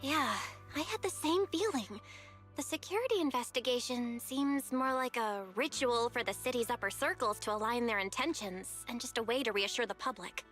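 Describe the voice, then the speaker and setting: Actress as a sociable young woman, wry and chatty, high voice, faint game music. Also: normal speed, fairly bright tone, close to an everyday voice.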